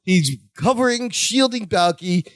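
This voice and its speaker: A man's voice: high voice, lively intonation, measured pace, dry recording, clean studio sound. A man co-hosting a podcast, chatting casually about a sitcom episode, laughing often and quoting the characters. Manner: laughs often, jumps in with quoted lines. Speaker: podcast co-host.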